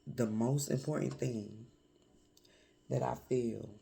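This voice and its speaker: A woman vlogger with a hoarse voice from a cold, speaking candidly and reflectively in a confessional vlog, with many pauses and fillers. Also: extremely low pitch, fairly even intonation, warm tone.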